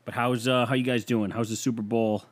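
Here a young man of medium pitch and level tone hosts a comedy podcast, speaking a little fast. Alone at a studio microphone, he rambles through stories that poke fun at himself.

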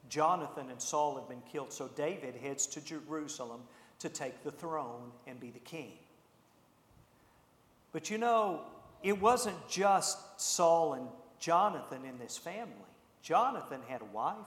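A man preaching a sermon, telling a story with lively energy and acting out the characters' lines. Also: on the high side, a little slow. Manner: animated, acts out the characters' lines. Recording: echoey hall with long reverb.

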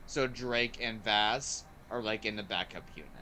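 A man hosting a podcast, chatting casually and excitedly about a movie, with lots of "like" and "um" fillers. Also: lowish voice, normal speed, slight background noise. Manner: excited and rambling, heavy use of "like" and "um". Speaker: podcast host. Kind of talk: casual movie review chat.

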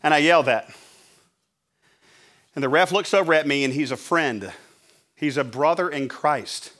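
A middle-aged man preaching as a pastor, telling an animated sermon story and acting out his own shouting. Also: fairly high pitch, measured pace. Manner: animated, acts out his own yelling at a referee.

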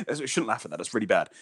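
A man's voice: fairly low pitch, a bit bright, breathy edge. Sweary ranting podcast guy. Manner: sweary, ranting, laughs often. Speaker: podcast co-host. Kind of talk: casual comedy podcast chat.

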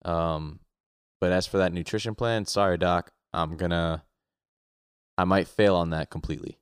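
A young man with a very deep voice co-hosts a podcast, chatting casually and swearing freely. He sounds loose and laughs at himself. The sound is close and dry. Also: steady tone, moderate pace, clear, resonant tone, no echo. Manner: loose, profane, self-mocking. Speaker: podcast co-host. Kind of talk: casual chat.

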